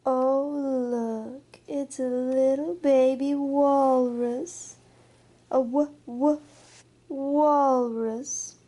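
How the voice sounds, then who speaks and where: A woman hosting a children's learning show, talking in an animated, sing-song, encouraging way. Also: high voice, drawn-out words, a little hiss or hum. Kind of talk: playful teaching for children.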